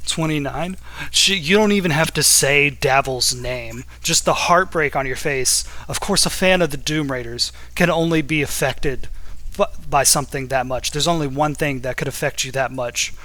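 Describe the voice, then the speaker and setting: A man's voice: a little high, normal speed, sharp tone. A man narrating a tabletop role-playing game as game master, casual and loose with filler words.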